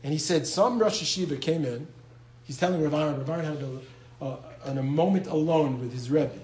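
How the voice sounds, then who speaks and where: A man's voice: a little high, fairly quick, darkish tone, roomy sound, rough recording. A man giving an informal Torah lecture, talking conversationally and often repeating his words, with Hebrew and Yiddish terms mixed in. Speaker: lecturer on Jewish law and medical ethics.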